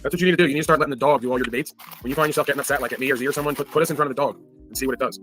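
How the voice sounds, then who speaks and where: Fast, forceful ranting man. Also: medium pitch, faint music behind. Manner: profane, ranting. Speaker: podcast host. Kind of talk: casual call-in panel talk.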